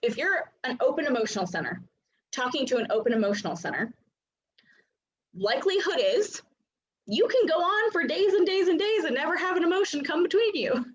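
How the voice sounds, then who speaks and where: A woman's voice: sits high, big pitch swings, a little fast. A woman coaching in a casual, chatty teaching talk, full of filler likes and little acted-out voices. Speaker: human design coach. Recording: dull lo-fi recording.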